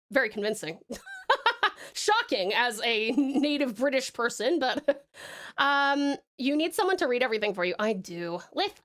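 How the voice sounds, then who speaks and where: A woman's voice: on the high side, a bit bright. A woman streamer from Tasmania, chatting bubbly and giggly with her viewers while drawing. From Tasmania, Australia. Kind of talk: casual livestream chat while drawing.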